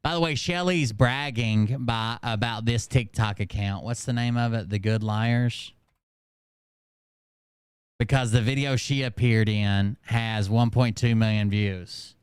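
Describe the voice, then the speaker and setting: Sarcastic male commentator, smooth voice, dry close sound. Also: medium pitch, a little slow, dry recording. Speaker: commentator reacting to clips. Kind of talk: casual mocking commentary.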